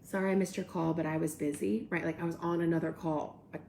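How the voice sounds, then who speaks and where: A woman's voice: deep voice, fairly even intonation, fast, gravelly, dark tone, roomy sound, a little hiss or hum. A young woman hosting a casual live stream, reading viewer comments aloud and reacting with upbeat energy. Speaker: host.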